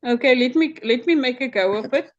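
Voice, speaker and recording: A woman's voice: sits high, brisk, highs cut off. A woman on a video call reading out a joke, with apologetic restarts. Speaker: meeting participant telling a joke.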